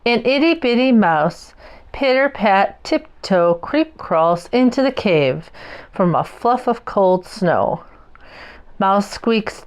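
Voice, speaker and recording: A woman reading a picture book aloud to her young children in a slow, sing-song storytelling manner. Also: mid-range voice, lively intonation, clean tone.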